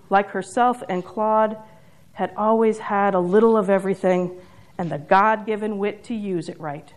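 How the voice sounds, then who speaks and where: A woman preaching a sermon, retelling a story in a measured, reflective way. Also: medium pitch.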